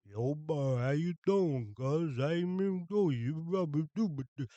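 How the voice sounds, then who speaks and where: A man lampooning a brash street tough in a high, loud, swaggering bark. The delivery is a mocking caricature, bold and overdone. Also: a little slow, no echo, highs cut off, lightly acted. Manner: exaggerated, mocking impression. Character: brash South Philly stereotype guy, loud and swaggering.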